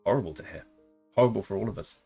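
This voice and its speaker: A man's voice: lowish voice, rapid-fire, vocal fry, mellow, breathy edge, soft background music. A man in his thirties from England chatting with viewers on a game live stream, with dry, self-mocking banter. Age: 30s. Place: room.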